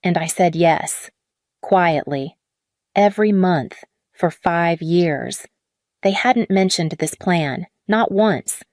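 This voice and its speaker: A woman reading a scripted first-person drama story in a measured, even way. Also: fairly low pitch, no echo, studio quality. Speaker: story narrator.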